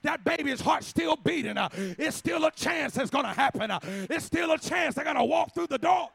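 A man preaching in a church, shouting in a rhythmic, chanted style with a huffing "uh" at the start of each phrase. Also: extremely high pitch, expressive, normal speed, dry recording. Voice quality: raspy, gravelly voice. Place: church sanctuary.

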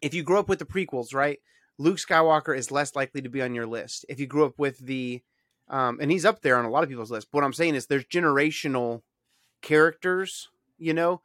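A man hosting a casual podcast chat, rambling and animated with lots of fillers. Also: mid-range voice, a little fast, no echo, clean studio sound. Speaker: podcast host.

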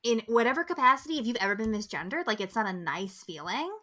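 A young woman co-hosting a podcast in a casual, exuberant way, gushing and swearing freely. Her voice is bright and sharp, and it sits a little high. She talks in loose, chatty runs. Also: very animated, fast talker. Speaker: podcast co-host. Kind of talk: casual chat.

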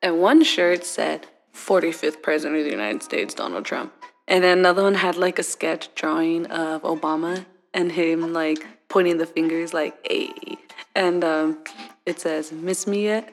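A woman's voice: sits low, fairly even intonation, normal speed. A young woman co-hosting a podcast in casual chat, laughing often and filling her talk with "like" and "dude.". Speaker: podcast co-host. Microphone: podcast mic on a desk.

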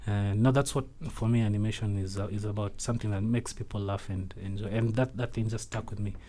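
Low mellow man, halting speech. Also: steady tone. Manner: halting, thoughtful, many fillers. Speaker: animation studio founder, guest. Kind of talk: radio interview. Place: radio studio.

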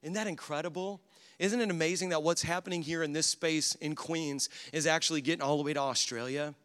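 A man preaching a sermon as pastor, energetic and joking with the congregation. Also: a little high, brisk, clean tone. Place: large church hall with congregation. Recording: live church sound with long reverb.

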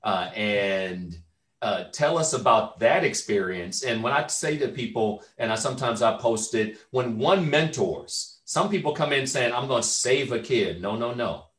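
A man's voice: medium pitch, expressive, normal speed, a bit bright, far from the mic. A man hosting an interview, asking long, wordy questions full of fillers. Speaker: host, charity president. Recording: echoey room, away from the mic.

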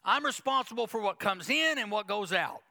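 Male pastor, sermon delivery, gravelly edge, emphatic and repetitive. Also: high-pitched, lively intonation, moderate pace, bright, forceful tone. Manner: emphatic preaching with quoted asides and repetition.

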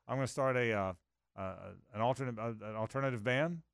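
A middle-aged male radio host spins a long, self-deprecating yarn, circling back and restarting his sentences as he goes. His voice sits at an ordinary pitch, and the studio sound is close and dry. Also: fast talker, clean tone, no echo. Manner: rambling storyteller, self-mocking, lots of restarts. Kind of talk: casual radio banter.

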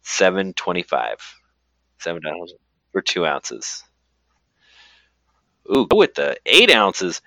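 A man's voice: low-pitched, wildly swooping pitch, slow pace, pauses often, bright, forceful tone, no echo. A man in casual chat, dropping in short remarks and reading out details.

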